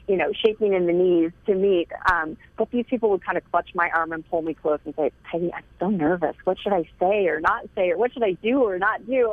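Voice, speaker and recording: A woman's voice: on the low side, no room sound. A woman author talks earnestly over a thin, phone-like line. Her tone is heartfelt and she laughs lightly between stories. The sound is dry and close, with no room around it. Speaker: author and interview guest. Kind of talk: phone interview.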